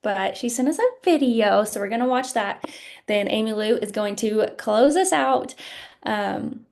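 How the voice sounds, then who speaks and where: A woman hosting a group video call, warmly thanking one speaker and introducing the next. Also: fairly high pitch, measured pace, gravelly. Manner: warm, encouraging, introduces speakers. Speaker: call host.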